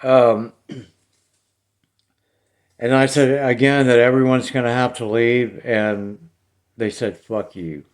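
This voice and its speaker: A man's voice: mid-range voice, level tone, slow, pauses often. A man, talking bluntly and plainly to camera about his paranormal recordings. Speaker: paranormal vlogger. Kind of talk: casual talk to camera.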